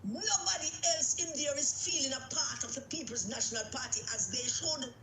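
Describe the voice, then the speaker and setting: Speaking at a normal pace in a high, creaky voice with a sharp tone, a Jamaican-accented woman commentator launches into an agitated political rant, repeating herself for emphasis. Faint music plays behind her in a reverberant space, and the audio quality is poor.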